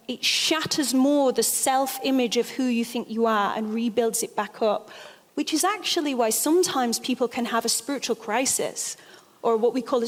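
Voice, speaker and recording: Woman on stage telling a story, kinda high voice, bouncy and emphatic, big hall echo. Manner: lively, animated storytelling with emphatic phrasing. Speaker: speaker giving a stage talk. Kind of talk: storytelling lecture. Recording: long hall reverb.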